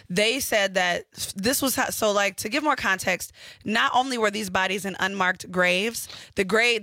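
Woman co-host, earnest storyteller on studio radio, bright voice, dry mic. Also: medium pitch, dry recording. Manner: earnest, tells events in detail with restarts. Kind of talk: casual radio chat.

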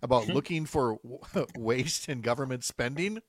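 A man's voice: medium pitch, moderate pace, no echo, studio quality. A man hosting a political talk show, easygoing and wry, laughing along with his guest. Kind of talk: casual political chat.

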